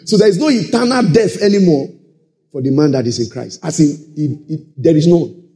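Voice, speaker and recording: A man preaching a sermon, calling out to the congregation and swinging into shouted and half-sung phrases. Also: on the high side, moderate pace. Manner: animated call-and-response preaching, sudden shouts and sung phrases.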